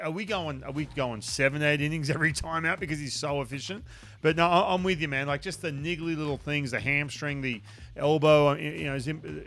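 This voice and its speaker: A man, a former pitcher hosting a casual podcast chat, talking in an animated, emphatic way.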